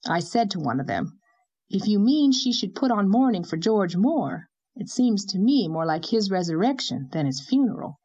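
A woman's voice: mid-range voice, big pitch swings, warm tone, husky, dull audio. Figure: a woman doing a tart, outspoken older village woman. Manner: brisk, tart and opinionated.

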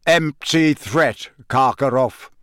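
A man reading an audiobook, voicing a gruff, growling old wizard who speaks slow and heavy. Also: mid-range voice, fairly bright tone, no echo, clean studio sound.

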